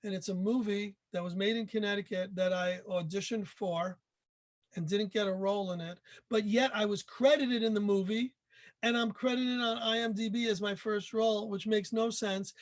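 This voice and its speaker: Guest, male, 60s, high voice, eager self-deprecating anecdotes, dry close mic. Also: steady tone, moderate pace, no echo. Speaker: podcast guest, author. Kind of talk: casual interview chat.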